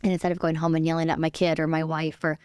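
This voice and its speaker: Woman guest on a podcast, easygoing and calm, kinda quick. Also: sits low, clear, resonant tone, no room sound, studio quality. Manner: calm, easygoing, laughs easily. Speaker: real estate agent, guest. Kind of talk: casual interview chat.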